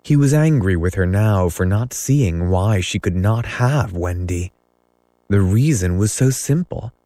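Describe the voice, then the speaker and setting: A man narrates a classic storybook at an unhurried pace, his voice low and mellow. Recorded dry and close. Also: lively intonation, dry recording. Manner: measured storytelling. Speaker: audiobook narrator. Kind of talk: scripted narration.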